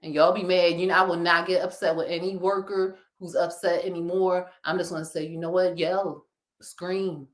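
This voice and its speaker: A woman with a Philadelphia accent, co-hosting a casual talk show and ranting in an animated, preachy way with frequent laughter. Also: lowish voice, fairly quick, hardly any pauses. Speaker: podcast co-host.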